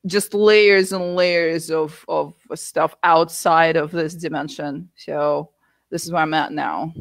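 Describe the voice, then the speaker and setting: A woman from the United States, a guest telling her story candidly with animated asides. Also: low-pitched, dry recording. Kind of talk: interview conversation.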